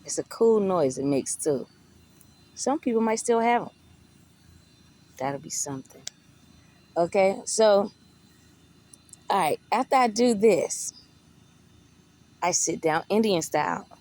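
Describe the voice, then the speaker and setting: A woman's voice: mid-range voice, lively intonation, unhurried, long pauses, darkish tone. A woman vlogger telling a long story in a casual, rambling way, swearing freely and often checking in with "you know". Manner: rambling, profane, conversational.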